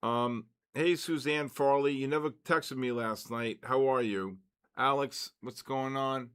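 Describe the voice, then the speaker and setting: A man's voice: mid-range voice, measured pace, a bit bright, clean tone. A man in his sixties hosting a live trading session, chatting with viewers by name and explaining his method in a loose, conversational way. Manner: chatty, talks to chat viewers by name, repeats "okay" and "so basically"; plainly exasperated by rude comments, rising and complaining. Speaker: trading livestream host.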